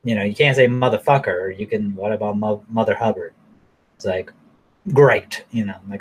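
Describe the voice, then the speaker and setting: A man ranting casually to camera in a blunt, profane, rambling way, now and then mocking people in a high falsetto. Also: fairly even intonation, moderate pace, breathy edge. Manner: mocks others in high falsetto. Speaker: vlogger.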